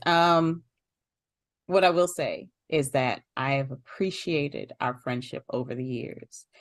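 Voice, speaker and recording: A woman's voice: low-pitched, dry recording, studio quality. A woman hosting a casual conversation with a friend, laughing often and getting emotional. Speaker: host.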